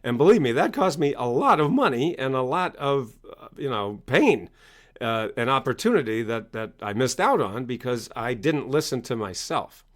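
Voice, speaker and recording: Animated man telling a story. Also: medium pitch, moderate pace. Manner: animated storytelling, acts out quoted parents loudly. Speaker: guest speaker and coach. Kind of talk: conversational interview answer.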